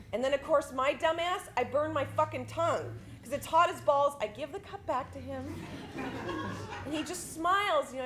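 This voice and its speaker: Woman veteran, lively, swooping delivery, salty casual monologue, faint hiss behind. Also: high-pitched. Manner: casual, profane storytelling with lively swings. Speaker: army veteran recounting basic training. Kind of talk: spoken monologue performance. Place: theatre stage.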